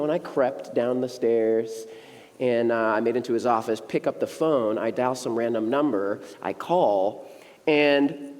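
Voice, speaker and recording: A man's voice: medium pitch, a little mellow. A man in his thirties preaching as a young adults pastor, telling a funny story in a casual, playful way and acting out voices, in a church sanctuary. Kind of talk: humorous storytelling sermon. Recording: long church reverb.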